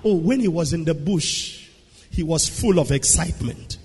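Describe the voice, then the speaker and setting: A man preaching a sermon, swinging between hushed storytelling and shouted declarations. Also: fairly high pitch, lively intonation, normal speed, crowd noise. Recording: long echo of a large hall.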